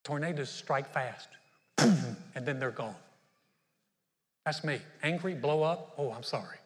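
A middle-aged man preaching a sermon as pastor, humorous and animated, telling stories with playful asides. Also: medium pitch, slow pace, in a large hall.

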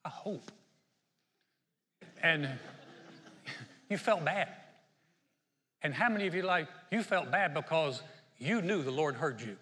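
A man preaching a sermon as pastor, animated and laughing often as he quotes scripture. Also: fairly high pitch, slow pace, long pauses. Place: church. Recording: long hall reverb.

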